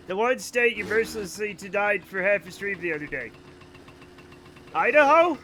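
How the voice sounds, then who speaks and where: A man with a mild Rhode Island accent, streaming a game and chatting casually with viewers, animated and swearing, stretching his vowels. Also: sits high, normal speed, slight background noise. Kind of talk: casual chat with viewers while gaming.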